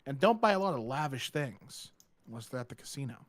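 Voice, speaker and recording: A man's voice: medium pitch, expressive, fast talker, over a noisy crowd. A man on a casual stream, reading a post aloud with jokes, stammers and laughs, on a desk mic.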